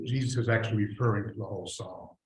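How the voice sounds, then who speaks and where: A man's voice: lowish voice, fast. A man teaching an adult Sunday school class in a church room, talking conversationally and reading scripture aloud. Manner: conversational, reads scripture aloud, trails off and restarts. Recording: echoey room, faint hiss.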